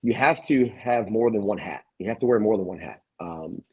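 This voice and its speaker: Man, gym owner guest, husky voice, rambling with lots of restarts and fillers. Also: fairly low pitch, moderate pace, lo-fi sound. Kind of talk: casual interview chat.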